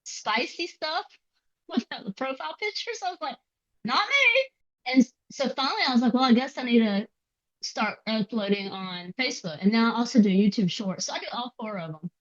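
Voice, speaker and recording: A woman guest on a podcast, chatting and telling stories in a casual, quick way with soft asides. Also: a little high, muffled recording. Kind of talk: casual interview chat.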